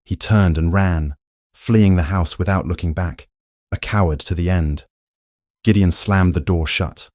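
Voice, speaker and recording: A man narrating a romance story in a measured, dramatic way. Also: low voice, a little mellow, no room sound, studio quality. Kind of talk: scripted romance audiobook narration.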